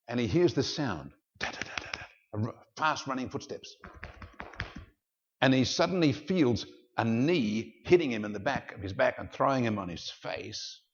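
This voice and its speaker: A man preaching a teaching sermon as a pastor, telling a story in an animated way. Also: lowish voice. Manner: animated storyteller, shifts into character voices. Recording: dull lo-fi sound.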